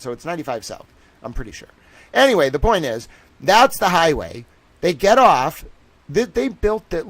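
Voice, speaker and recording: Young male streamer, excitable and jokey, mid pitch, dry close mic. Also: dry recording. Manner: profane, joking, excitable, laughs often. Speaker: livestream host. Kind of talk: rambling livestream monologue.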